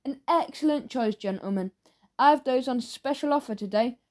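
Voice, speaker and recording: A woman's voice: sits high, moderate pace, natural voice. A woman voicing an overly eager, chatty male newsagent who keeps pushing sweets in a salesy, fawning way.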